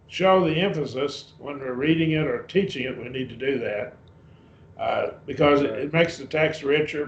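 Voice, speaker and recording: Man teaching a Bible class in a roomy space. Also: medium pitch. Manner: relaxed, halting, calls on students by name. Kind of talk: Bible class lesson, Greek word study. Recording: roomy, dull lo-fi class recording.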